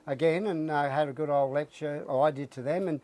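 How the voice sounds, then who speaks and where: A middle-aged Australian man, an interview guest, telling his story with animated flair and acting out his own lines. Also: fairly high pitch, a little fast, no room sound. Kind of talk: casual interview.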